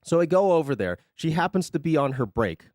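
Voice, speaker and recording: Sarcastic, lively young male streamer. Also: on the high side, a little fast, no echo, studio quality. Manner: sarcastic, profane, rambling. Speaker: live streamer. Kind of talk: casual chat on a live stream.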